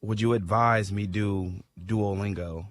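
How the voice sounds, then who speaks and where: A man's voice: on the low side, fairly even intonation, measured pace, no room sound. A man co-hosting a radio show, asking curious, teasing questions in casual chat from the studio. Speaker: radio co-host.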